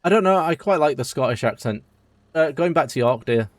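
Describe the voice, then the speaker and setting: A man from the UK chats through a live game stream in a relaxed, rambling way. He talks straight to his viewers, answering them between moves in an easy, conversational voice. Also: a little high, a little fast, no room sound. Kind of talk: casual live-stream chat while playing.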